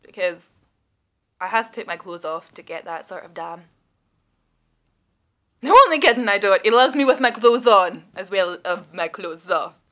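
A woman in her thirties who talks in a rambling, excitable, self-mocking way, recording a casual video message while sitting at home. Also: medium pitch, moderate pace, pauses often. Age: 30s. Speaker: vlogger. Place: indoors at home, seated.

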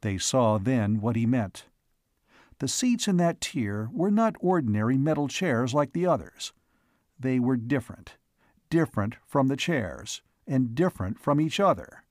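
A man narrating an audiobook of a classic science fiction story in a steady, even manner. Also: medium pitch, unhurried, no room sound, clean studio sound.

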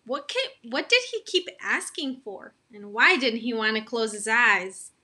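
Bright woman reading a children's book aloud. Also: a little high, very animated, a little slow, husky. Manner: friendly, questioning listeners.

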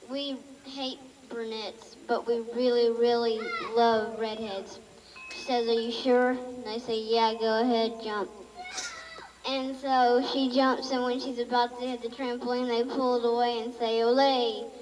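A woman with a Texan accent telling jokes deadpan at a family gathering, recorded on a home video from far off in a crowded room. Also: on the high side, unhurried, in a large hall. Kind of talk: casual joke telling at a family party.

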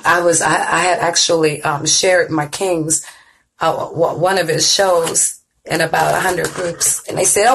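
Husky woman hosting a lively live stream. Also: lowish voice, unhurried, poor audio. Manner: lively, laughs often, greets viewers by name. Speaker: online show host. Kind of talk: casual live-stream chat.

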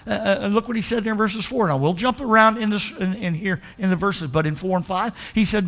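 A man's voice: high-pitched, brisk, few pauses, a bit bright. A man pastor preaching a folksy, emphatic sermon with lots of repetition.

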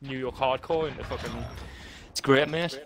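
A man's voice: mid-range voice, fairly even intonation, moderate pace. A man with a North East English accent, a guest chatting casually and bluntly while gaming, swearing freely and laughing often. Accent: North East England. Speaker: guest band member. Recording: noisy with game gunfire behind.

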